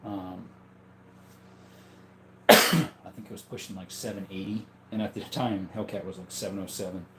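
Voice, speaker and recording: A man's voice: low-pitched, steady tone, normal speed, pauses often, roomy sound, very noisy. A man hosting a casual livestream, rambling and chuckling as he reads out and answers chat comments. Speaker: livestream host.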